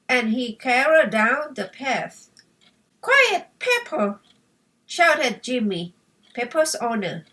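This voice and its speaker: A woman slowly reading a children's story aloud for English learners, in a careful, clear way. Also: a little high, sharp tone, far from the mic, poor audio. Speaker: storybook reader.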